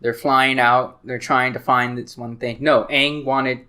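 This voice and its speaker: A man's voice: mid-range voice, flat delivery, measured pace, bright, forceful tone, smooth. A young man hosting a podcast, chatting casually and joking, laughing often. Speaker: podcast host. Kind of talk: casual chat.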